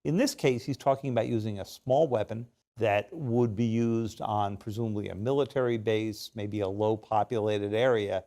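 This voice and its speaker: Man, news analyst, calm explaining, low mellow voice. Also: moderate pace, few pauses. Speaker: news commentator. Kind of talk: explanatory interview talk.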